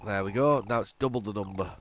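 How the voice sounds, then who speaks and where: A man's voice: on the low side, fast talker, faint music behind. A congested man hosting a retro gaming show, giving rambling, chatty commentary with lots of restarts and repeated words. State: congested, stuffy nose. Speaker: retro gaming channel host. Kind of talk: casual gameplay commentary.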